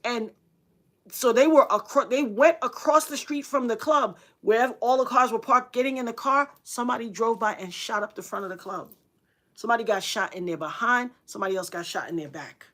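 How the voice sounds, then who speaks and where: On a livestream, a middle-aged woman tells a story in an earnest, dramatic way at a fairly quick clip. She repeats phrases for emphasis and acts out what other people said in sudden loud, high bursts.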